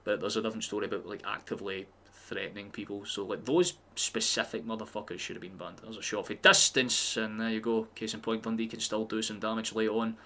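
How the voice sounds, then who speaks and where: Guy on a live football watchalong stream, lowish voice but bright and punchy, swears a lot, faint noise behind. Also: fairly even intonation, fairly quick, few pauses. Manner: casual, sweary, reactive banter.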